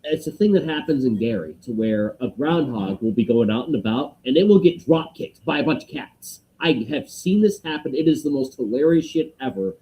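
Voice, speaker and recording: A man's voice: medium pitch, animated, fairly quick, hardly any pauses, mellow, low-quality recording. A man co-hosting a podcast in casual chat, telling rambling stories, swearing and acting out voices. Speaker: podcast co-host.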